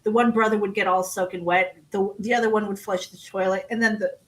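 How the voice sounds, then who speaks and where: A woman guest on an interview show, telling stories in a casual, animated way, laughing often and acting out the voices in them. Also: mid-range voice, fast talker, low-quality recording. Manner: animated storyteller, laughs often, acts out quotes. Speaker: guest author.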